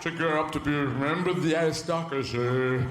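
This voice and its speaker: A man's voice: on the high side, brisk, roomy sound, background noise, close to an everyday voice. A man playing a prim, earnest posh boy. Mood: dutiful. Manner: stiffly earnest and dutiful. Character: prim upper-class boy, dutiful and stiff.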